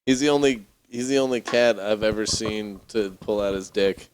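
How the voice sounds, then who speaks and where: A man's voice: on the low side, normal speed, slight background noise. A young man, hosting a podcast from his living room, brash and profane, joking loosely. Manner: brash, profane, joking, says bro a lot. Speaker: podcast host. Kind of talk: drunk casual chat.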